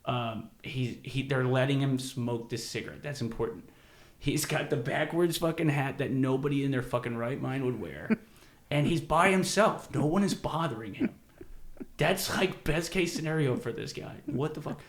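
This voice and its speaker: A man's voice: medium pitch, normal speed, reverberant. A man hosting a podcast, telling rambling, profane stories in casual chat and laughing often. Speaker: podcast host.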